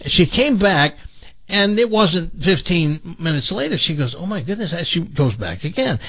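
Male radio host, lively storyteller, pitch all over, dull lo-fi sound. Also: measured pace. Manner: animated, self-mocking storyteller. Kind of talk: casual storytelling chat.

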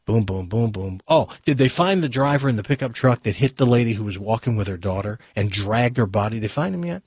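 A middle-aged man hosting a talk show, chatting casually and telling stories and jokes in an animated way. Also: mid-range voice, fast talker, husky, dry recording, studio quality.

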